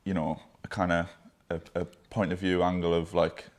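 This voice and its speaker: A man talks loosely with a friend, swearing freely and wandering through his thoughts with fillers. His voice sits a little low. The talk is easy and informal. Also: moderate pace. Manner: swearing, rambling, relaxed. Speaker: brand co-founder. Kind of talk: casual chat.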